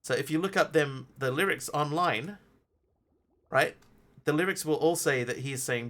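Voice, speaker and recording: A man streams a game live, chatting casually and rambling with lots of ums and restarts. His voice is on the high side and a bit bright, at normal speed.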